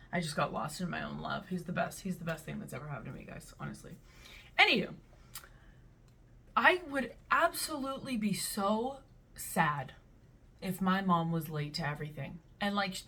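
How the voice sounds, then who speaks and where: A young woman with a bright, forceful voice chats casually about online posts in a blunt, lively way. She sits a little low in pitch for a woman and slips into playful voices as she talks. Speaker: reaction video host.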